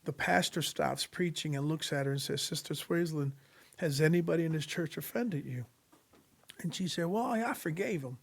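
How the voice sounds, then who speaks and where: A man's voice: on the high side, steady tone, normal speed, creaky. A man telling a personal faith testimony in casual podcast conversation, earnest and preacherly, acting out the voices of people in his story. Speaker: podcast guest sharing testimony.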